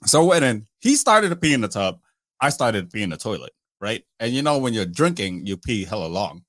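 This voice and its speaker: A man's voice: fairly low pitch, fairly quick, no echo. A young man casually telling a rude party story to friends on a podcast, swearing and acting out what people said. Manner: animated, swearing, acts out quotes. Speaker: podcast host.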